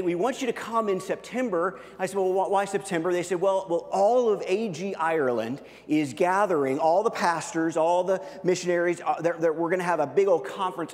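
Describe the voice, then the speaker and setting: Guy in his 30s preaching, fairly high voice, acts out the story big, long reverb in the hall. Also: a little mellow. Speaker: pastor. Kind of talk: sermon with personal story.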